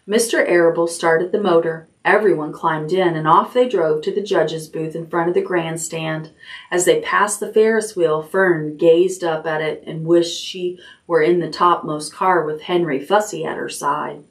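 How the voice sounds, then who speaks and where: A woman librarian reading a children's chapter book aloud at bedtime, gently, raising her voice for the characters' lines. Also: fairly even intonation, normal speed. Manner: gentle storytelling, lifts pitch for character lines.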